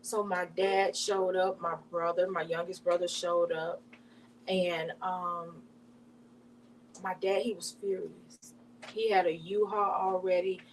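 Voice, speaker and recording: A woman from Alabama, giving an emotional, halting personal testimony as an interview guest. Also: on the low side, level tone. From Alabama, US South. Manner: emotional, halting retelling with many restarts. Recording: distant mic with faint hum.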